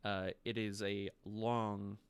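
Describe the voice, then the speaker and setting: A man's voice: fairly low pitch, level tone, slow, creaky, clear, resonant tone. A man acting as game master, explaining rules and items in a matter-of-fact way. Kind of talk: narrating a tabletop game.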